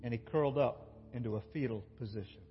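A man preaching a sermon as a pastor, telling a story and swinging between loud emotional peaks and soft, quiet passages. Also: medium pitch, quick pace, in a large hall, muffled recording, faint music behind. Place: church.

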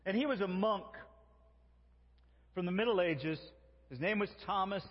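A man preaching a sermon in an earnest way, slowing down to quote God's words. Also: high voice, in a large hall, highs cut off, noisy background. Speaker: pastor.

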